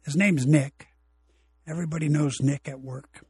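A man hosts his own podcast alone, rambling from one point to the next in a blunt, opinionated way. His voice sits a little high and sounds husky. The recording is dry, with no room sound. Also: fairly even intonation, normal speed, a little mellow, no room sound. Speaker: podcast host. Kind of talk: casual solo podcast monologue. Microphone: home recording equipment.

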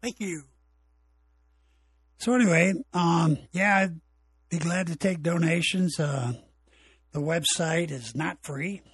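A man's voice: on the high side, measured pace, fairly bright tone, breathy edge, dry recording. A man hosting his own podcast, talking in a rambling, blunt and opinionated way. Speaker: podcast host. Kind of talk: casual solo podcast monologue. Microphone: home recording equipment.

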